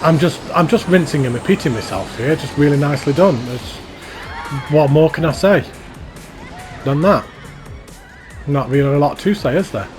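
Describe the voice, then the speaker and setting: A man's voice: a little high, lively intonation, moderate pace, long pauses, over music. A man giving casual, enthusiastic commentary while touring a theme park in a video game, rambling and repeating his praise. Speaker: YouTuber touring a fan-built theme park.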